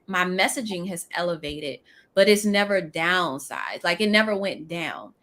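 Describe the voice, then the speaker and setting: A woman from New Orleans with a Southern accent and a Texas twang, giving business coaching advice in an emphatic, animated way during a live interview. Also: fairly low pitch, normal speed. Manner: emphatic, animated, quotes clients in character voices.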